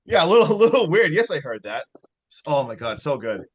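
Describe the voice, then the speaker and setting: A man's voice: fairly high pitch, very animated, a little fast. A man co-hosting a casual movie review podcast, chiming in and laughing as he retells scenes. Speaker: podcast co-host.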